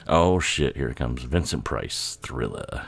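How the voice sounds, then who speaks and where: Super low-voiced guy, kinda tipsy and tired, rambling and cussing through a video commentary. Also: gravelly, a bit bright, slightly rough. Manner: rambling, swearing, laughing a lot. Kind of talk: casual commentary over a music video.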